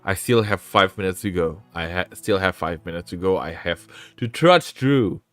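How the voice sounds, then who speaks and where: A man's voice: sits low, animated, moderate pace, fairly bright tone, no echo, faint music behind. A man with a sore throat, hosting a casual live stream, rambling and often interrupting himself. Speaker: VTuber streamer and host.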